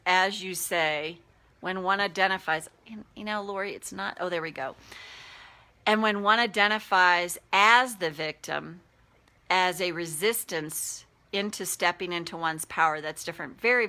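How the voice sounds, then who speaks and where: A middle-aged woman, a life coach, talking casually on a live stream and acting out the voices in her head. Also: medium pitch. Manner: animated, acts out inner voices.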